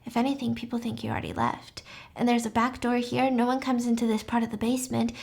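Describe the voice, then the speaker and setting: An obsessive, clingy young man , as a woman narrator puts him on, speaks earnestly and protests in a fairly high voice. It is a light put-on within casual storytelling. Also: animated, fast, gravelly, a little mellow, husky, exaggerated voice.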